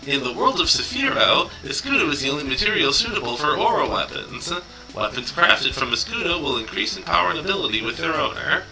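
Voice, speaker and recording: A man voicing a stern adult woman weaponsmith and commander from a video game, speaking in a measured, formal way. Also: on the high side, big pitch swings, creaky, bright, forceful tone, faint music behind, full character voice, low-quality recording. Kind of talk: reading game dialogue aloud on stream.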